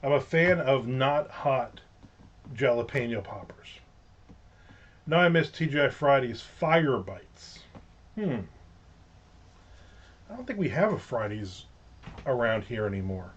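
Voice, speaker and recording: Man, middle-aged, casual livestream host, rambling, jokey asides, mid-pitched voice, slightly muffled lo-fi sound. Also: lively intonation, slow, long pauses. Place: at home with windows open.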